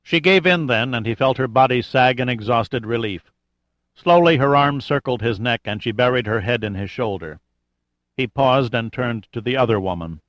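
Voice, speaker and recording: A man reading an audiobook in a measured, even storytelling manner. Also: medium pitch, no room sound, lo-fi sound. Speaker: audiobook narrator. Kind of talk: scripted narration.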